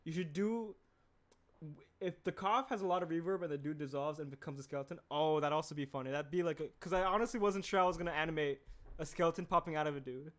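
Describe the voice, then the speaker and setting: A young man chatting casually on a livestream while he animates, rambling and reading chat aloud, clearing a throat that keeps tickling. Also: on the high side, fast. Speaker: animator streaming his work.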